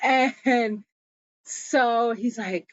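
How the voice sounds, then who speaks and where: A woman's voice: a little high, very slow, lo-fi sound. A woman casually recapping a TV episode, telling the story in a chatty way and slipping into the characters' quoted lines as she goes.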